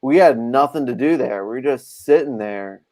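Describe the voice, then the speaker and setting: A man chatting on a podcast as a comic book artist, telling profane, animated stories. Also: medium pitch, moderate pace. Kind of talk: casual podcast chat.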